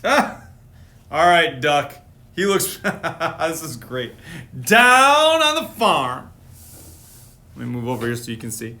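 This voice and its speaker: A man's voice: medium pitch, lively intonation, measured pace, pushed and bright. A man reading a picture book aloud on a live stream, playful, with chatty asides to his viewers. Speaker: storytime reader.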